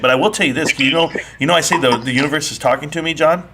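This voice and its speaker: A man's voice: on the high side, very fast, few pauses, slight background noise. A man hosting a live online audio chat, arguing brashly and teasing his caller in a heated casual debate. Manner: brash, mocking, animated. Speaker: live stream host.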